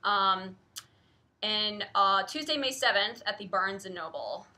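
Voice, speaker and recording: Bright, giggly young woman hosting a stream. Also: mid-range voice, lively intonation, unhurried. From US Midwest. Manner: giggly, chatty, reads viewer comments aloud. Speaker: host. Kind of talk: casual live-stream chat.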